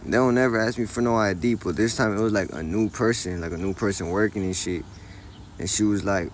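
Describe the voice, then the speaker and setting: A man's voice: lowish voice, fairly quick, slight background noise. A young man telling a casual storytime in a slangy, profane, laid-back way.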